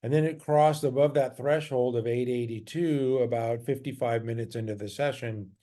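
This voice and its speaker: Mellow-voiced man talking through stock charts. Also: medium pitch, steady tone, moderate pace. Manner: loose and chatty, with frequent fillers and self-corrections. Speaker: stock trader reviewing his trades. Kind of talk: casual chart walkthrough.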